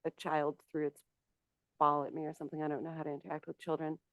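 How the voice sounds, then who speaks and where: A woman's voice: low-pitched, flat delivery, fast talker, no echo. A middle-aged woman co-hosting a podcast, chatting candidly and telling anecdotes. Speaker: podcast co-host. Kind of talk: casual chat.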